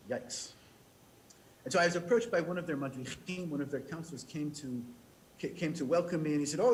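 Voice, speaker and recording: An American man from the United States telling a humorous story as a rabbi leading services, with quick restarts. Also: on the high side, slight background noise, low-quality recording. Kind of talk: storytelling sermon.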